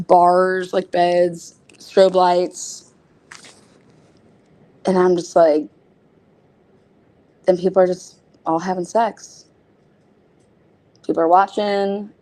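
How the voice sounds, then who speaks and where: A woman telling a story in a casual, animated way, often laughing, using lots of fillers, and acting out other people's lines in a raised voice. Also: fairly low pitch, measured pace, pauses often. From United States. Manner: frequent fillers like "like" and "oh my God".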